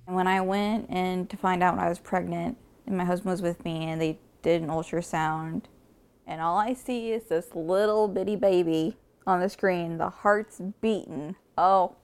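A woman's voice: fairly low pitch, steady tone, moderate pace, darkish tone, clean tone. A woman telling a heartfelt story about her family in an emotional, personal way. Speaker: interviewee, sister of missing woman.

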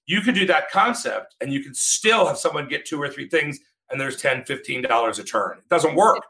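A man's voice: on the high side, animated, normal speed, bright, forceful tone, poor audio. A man, a restaurateur guest, talking emphatically and joking in a casual panel chat.

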